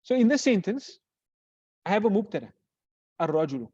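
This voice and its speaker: A teacher giving a grammar lesson who poses questions and answers them, repeating example phrases slowly. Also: mid-range voice, big pitch swings, warm tone, breathy edge, no room sound. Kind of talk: classroom lecture. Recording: dull lo-fi recording.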